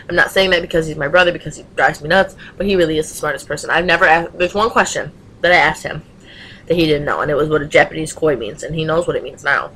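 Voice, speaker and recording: A woman's voice: low-pitched, fairly bright tone, slight background noise, poor audio. A young woman vlogger talking straight into her webcam, with emphatic, passionate delivery full of rhetorical questions. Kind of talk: casual webcam rant.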